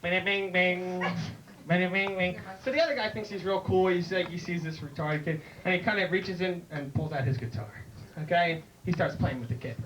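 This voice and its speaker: A male stand-up comedian and emcee telling rambling stories on stage, heard from a distance in a noisy club. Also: fairly quick. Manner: rambling, jumps into high excited voices for punchlines.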